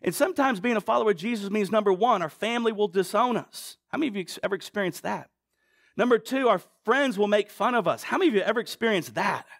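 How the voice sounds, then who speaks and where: A man's voice: sits high, lively intonation, gravelly, a bit bright, no echo, studio quality. A middle-aged man preaching a sermon in a conversational way, often putting questions to the congregation. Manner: conversational, asks the crowd questions, quick asides.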